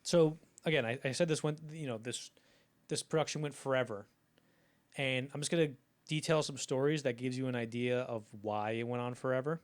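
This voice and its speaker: Man animatedly retelling a film-set story. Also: medium pitch. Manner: animated retelling, swearing, slips into quick character voices. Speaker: podcast host. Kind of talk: casual storytelling chat.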